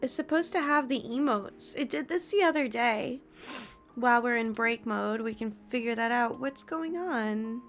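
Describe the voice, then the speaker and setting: A woman's voice: fairly high pitch, moderate pace, a bit bright, faint music behind. A young woman streaming from home, chatting casually with her viewers, gushing and giggly as she greets them. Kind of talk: casual live-stream chat.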